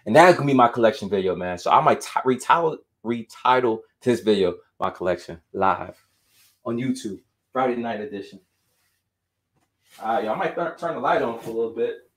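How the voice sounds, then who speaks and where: A man's voice: mid-range voice, animated, brisk. Winded man chatting through a sneaker stream. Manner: loose and chatty, drifts between sing-song muttering and explaining. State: winded, out of breath. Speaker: sneaker collector streaming live. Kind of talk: casual live-stream chat. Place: home room full of shoes.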